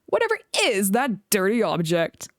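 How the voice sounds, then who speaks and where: A woman's voice: medium pitch, huge pitch swings, moderate pace, no room sound, studio quality. A woman voicing a small, cheeky male tram engine who teases with an innocent air. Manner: innocent, sweetly teasing.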